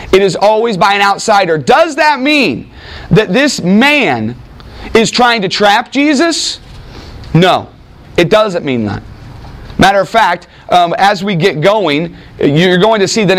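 A man preaching in a conversational Bible teaching, talking with his listeners and acting out quoted speakers with lively emphasis. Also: sits high, a little slow. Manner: animated, acts out quoted speakers, frequent restarts. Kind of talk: conversational sermon with audience interaction.

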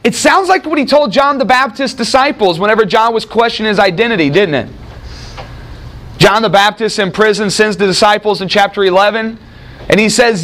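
A man with a high voice lectures to a class on a Gospel passage. He keeps asking the room questions and then answers them himself. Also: fairly quick, a bit bright. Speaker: Bible teacher.

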